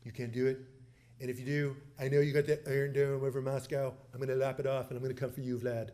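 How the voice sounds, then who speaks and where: Brief: man doing a boastful ex-president, deeper than his own voice, big claims and repeated superlatives. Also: little pitch movement, fast talker, mellow, close to an everyday voice. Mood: threatening. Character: impression of a brash former male president.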